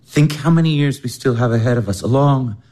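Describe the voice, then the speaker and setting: A man's voice: mid-range voice, brisk, natural voice. A man playing an earnest lovestruck young baron. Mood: tender. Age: 20s. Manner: earnest, gentle.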